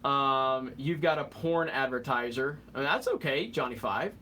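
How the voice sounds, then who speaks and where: A man's voice: medium pitch, animated, normal speed, pushed and bright, a little hiss or hum. A young man hosting a live stream, casually reading out chat comments with a joking, rambling manner and the odd fumble over words.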